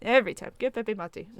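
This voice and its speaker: A woman's voice: a little high, a little mellow, dry recording. Chatty woman podcast host, dry sound. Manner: chatty, stumbles over names and laughs at herself. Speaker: podcast co-host running the quiz. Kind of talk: casual chat.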